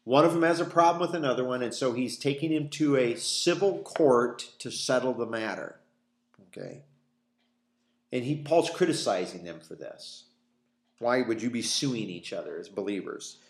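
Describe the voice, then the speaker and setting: A man with a mid-pitched voice teaches a casual Bible study to a small group. He talks in a folksy, conversational way, throwing out rhetorical questions and playing out little dialogues. The room is echoey. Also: animated, moderate pace.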